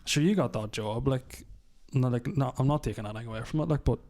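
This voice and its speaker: A young man, chatting on a podcast and thinking aloud with hesitant pauses. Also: mid-range voice, darkish tone. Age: young adult. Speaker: podcast co-host. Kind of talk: casual chat.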